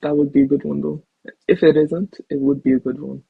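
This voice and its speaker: A woman's voice: sits low, little pitch movement, brisk, creaky, breathy edge, no echo, phone-quality sound. A woman co-hosting a podcast in casual chat over a remote call, bringing up topics and reading out comments. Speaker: podcast co-host.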